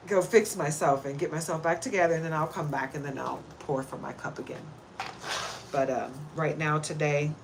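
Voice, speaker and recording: A woman's voice: sits low, fairly bright tone, slight background noise. A woman in her forties, an oracle card reader talking candidly on a home livestream and laughing often. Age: 40s. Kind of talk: casual livestream talk.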